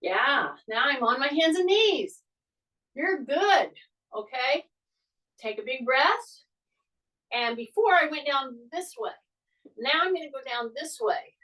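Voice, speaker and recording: An older woman leads an exercise class, talking through each move while she demonstrates it. Her voice is high and bright, with an encouraging, direct manner. She is heard from a little distance, away from the mic. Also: expressive, slow pace, pauses often. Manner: encouraging, talks while demonstrating moves on the floor. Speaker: fitness instructor.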